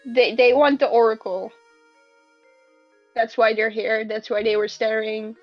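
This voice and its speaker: A woman's voice: a little high, steady tone, a little slow, no room sound, muffled recording, soft background music. A woman player in a tabletop game, casual and swearing, laughing often. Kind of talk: casual in-character chat.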